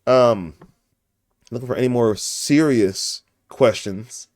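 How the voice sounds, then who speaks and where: A man runs a casual podcast chat over an online call, jokey and goofy, often breaking into laughs. His voice sits at an ordinary middle pitch. The sound is dry and close, with no room around it. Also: slow pace, darkish tone, dry recording. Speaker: podcast host.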